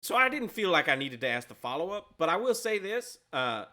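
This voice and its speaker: A man's voice: sits high, very animated, fairly quick, bright, forceful tone, voice pushed up, heavily acted. A man playing a stammering timid halfling. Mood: rambling. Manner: stammering, repeats words. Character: nervous halfling man, tiny timid translator.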